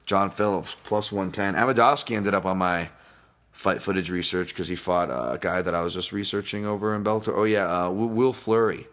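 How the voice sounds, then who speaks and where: Deep-voiced man, rambling and profane. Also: steady tone, a little fast, a bit bright. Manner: rambling, profane, laughs at own jokes. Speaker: podcast host and fight analyst. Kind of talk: casual solo podcast breakdown.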